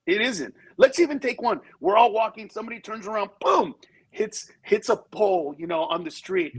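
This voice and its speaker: A comedian guest on a talk show, telling candid stories and acting out the people in them. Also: male voice, high-pitched, moderate pace, breathy edge, rough recording. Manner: animated storyteller who acts out voices in quotes.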